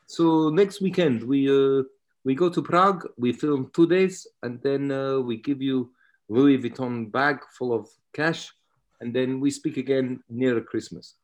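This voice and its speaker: A man doing a brusque Russian film producer, pitched well above his own voice. He speaks in a put-on Russian accent with broken, halting English. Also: natural voice. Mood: matter-of-fact.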